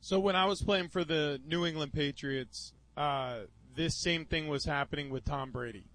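A man, a former pro football player, co-hosting sports talk radio in a measured, explanatory way. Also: fairly high pitch, fairly bright tone, poor audio. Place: radio studio.

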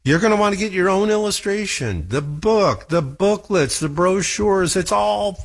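Husky guy hosting a talk show, kinda teasing, very animated voice. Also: high-pitched, normal speed. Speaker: radio show host. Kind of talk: casual chat.

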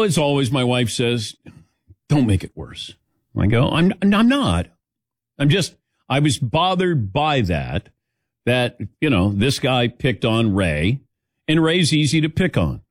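A man hosting a sports talk show in a casual, rambling way, acting out the lines of people in his story. His voice sits at a middle pitch and comes across dry, with no room sound around it. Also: no room sound. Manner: rambling, animated storytelling with mimicked quotes.

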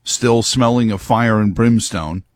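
Low-voiced man in an emphatic monologue. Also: measured pace, dry recording, clean studio sound. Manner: rambling, emphatic, digressive. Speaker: radio talk host. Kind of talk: opinionated monologue.

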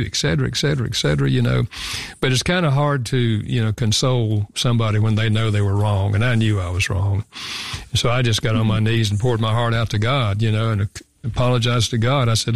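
Reflective older man with a gravelly voice. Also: medium pitch, fairly even intonation, a little fast, dry recording. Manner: reflective, earnest, repeats words as he talks. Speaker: guest author. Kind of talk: conversational interview storytelling.

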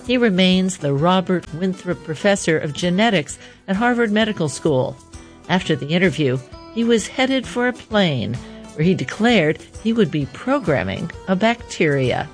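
Low-voiced woman hosting a radio show. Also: very animated, faint music behind. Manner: measured, conversational questioning. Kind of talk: hosted radio interview. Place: radio studio.

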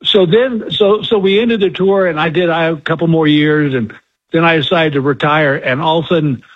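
A man's voice: fairly high pitch, normal speed, breathy edge, dull audio. A man, a guest comedian, telling folksy, self-deprecating stories in a radio interview.

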